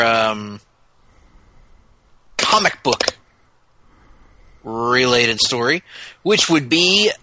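Brief: jokey podcast co-host, very bright voice, dry close sound. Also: male voice, mid-range voice, no echo, low-quality recording. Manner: jokey, breaks into impressions. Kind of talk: casual chat.

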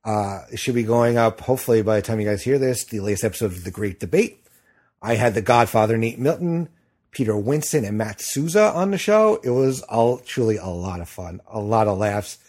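Middle aged guy hosting a podcast, kinda husky, lots of ums and restarts, just chatting. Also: on the low side, expressive, brisk, darkish tone. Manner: rambling with many fillers and restarts. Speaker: podcast host. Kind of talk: casual chat.

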